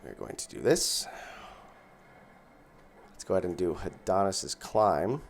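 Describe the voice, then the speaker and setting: A gaming channel host gives casual gameplay commentary in a low, lively voice at an unhurried pace. He thinks aloud as he plays, counting out his mana.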